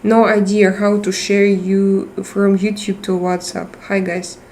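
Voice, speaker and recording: A woman hosting a relaxed livestream, reading viewers' messages aloud and answering them one by one. She talks very slowly in chatty English with non-native phrasing and laughs often. A faint hiss sits under her voice. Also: medium pitch. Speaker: livestream host reading chat. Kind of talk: casual live chat.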